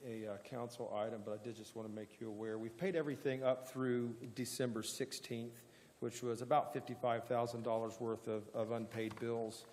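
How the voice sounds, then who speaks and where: A man serving as county sheriff, giving a plain-spoken report at a public meeting, halting often with fillers. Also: mid-range voice, little pitch movement, a little mellow, in a large hall.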